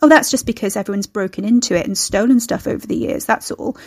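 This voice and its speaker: A woman's voice: mid-range voice, fast, gravelly, slightly rough. A woman voicing an eager, chatty young supervisor who is bursting with curiosity.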